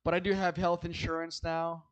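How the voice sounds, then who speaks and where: A man's voice: on the high side, flat delivery, normal speed, low-quality recording. A man doing a stand-up comedy set, ranting in a profane, agitated way and stammering through restarts.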